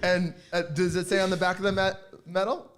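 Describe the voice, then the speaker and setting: A man's voice: high voice, flat delivery, a little fast, fairly bright tone. A man hosting a live show, chuckling as he recaps an earlier moment for viewers. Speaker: podcast host. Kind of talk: casual live show chat.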